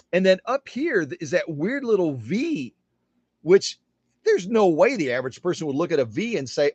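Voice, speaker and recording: A chatty middle-aged man talks to the camera in his workshop, his voice sitting a little high and swinging widely in pitch. The sound is dry and close, with no room echo. He pokes fun at himself and slows right down to spell words out letter by letter. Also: sing-song, a little mellow, highs cut off. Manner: chatty, self-deprecating, spells words out slowly. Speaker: sewing machine restorer. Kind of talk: casual demonstration to camera.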